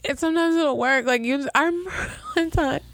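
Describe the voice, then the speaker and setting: A young woman co-hosting a podcast, telling personal stories in lively casual chat. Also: sits high, fairly quick, dry recording. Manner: animated, laughing storyteller. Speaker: podcast co-host.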